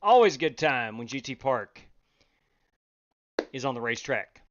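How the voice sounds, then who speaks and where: A man hosting a sim racing league live stream, chatting casually, reading out chat and breaking into loud exclamations. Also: mid-range voice, big pitch swings, a little slow, muffled recording, slight background noise. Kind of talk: live-stream race commentary.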